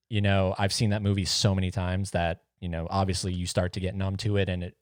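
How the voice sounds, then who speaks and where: A man's voice: low voice, flat delivery, moderate pace, dry recording, studio quality. A man hosting a podcast, giving casual film commentary and rambling, repeating himself for emphasis. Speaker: podcast host.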